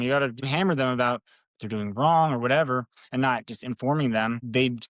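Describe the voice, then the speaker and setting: A young man talks fast and casually, circling his points with lots of fillers and an upbeat, encouraging tone. His voice sits in a middle register. The recording is dry and a little dull, like a modest podcast mic. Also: medium pitch, dry recording. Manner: rambling, upbeat, many fillers like "you know". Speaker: personal trainer, guest.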